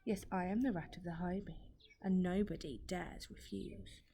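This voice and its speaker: A woman, reading a story aloud and giving hushed, half-whispered menace to a greedy male rat who robs travellers. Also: mid-range voice, measured pace, slight background noise, close to an everyday voice. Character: greedy bullying male highway rat robber.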